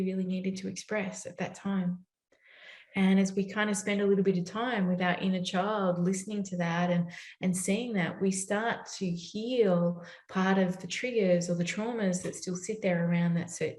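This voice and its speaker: A woman's voice: medium pitch, darkish tone. A woman giving a conversational parenting talk, often asking "right?" to check in with her listeners. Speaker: parenting educator. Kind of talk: summit talk. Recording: roomy echo.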